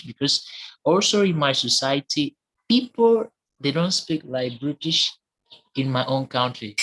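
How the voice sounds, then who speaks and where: A man's voice: mid-range voice, fairly bright tone, low-quality recording. A man giving his opinion in an online discussion, earnest and repeating his points for emphasis over a call. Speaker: discussion participant.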